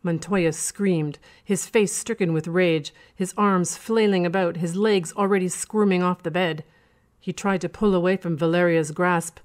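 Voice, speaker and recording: A woman with a fairly low voice reads a dark period horror tale aloud. Her narration is steady and measured, in the manner of a radio story reading.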